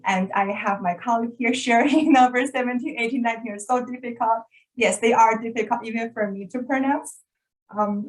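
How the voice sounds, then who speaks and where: A woman's voice: a little high, rough recording. A woman presenting an online workshop over a video call, carefully demonstrating and repeating sounds for learners to copy.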